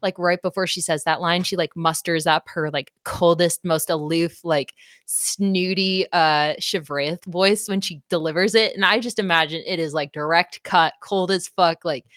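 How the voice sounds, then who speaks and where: Brief: woman, lowish voice, casual podcast recap, giggly and sweary, dry close mic. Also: fairly even intonation, moderate pace, fairly bright tone, dry recording. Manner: laughing often, fillers, swears freely. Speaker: book club podcast co-host. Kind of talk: casual chat, recapping a novel.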